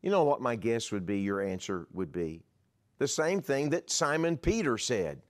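A man's voice: lowish voice, sing-song, normal speed. A man preaching a sermon as a pastor, telling the story in vivid scenes and acting out the voices of the people in it. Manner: drops to a whisper for asides.

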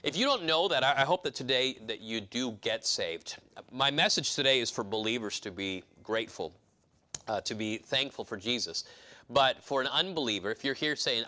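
A middle-aged man delivers a sermon in a bright, forceful voice. He talks in a conversational way and then builds to emphatic, pressing peaks. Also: mid-range voice. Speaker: pastor.

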